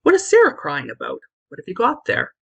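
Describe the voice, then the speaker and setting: A woman's voice: fairly high pitch, wildly swooping pitch, fairly quick, slightly rough, lo-fi sound, voice pushed up, exaggerated voice. A woman reading an impatient, spirited girl storyteller. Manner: impatient, confident.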